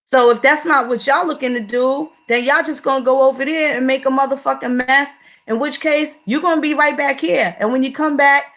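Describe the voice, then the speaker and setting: A woman's voice: high voice, fairly even intonation, a little fast, hardly any pauses, a bit bright. A woman giving a profane, repetitive livestream commentary, speaking in a confrontational way.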